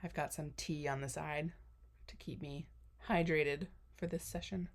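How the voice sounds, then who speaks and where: A woman's voice: low voice, steady tone, normal speed, creaky. A young woman giving a casual, rambling voiceover for a cookie decorating tutorial, full of fillers and self-deprecating asides. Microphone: voiceover mic.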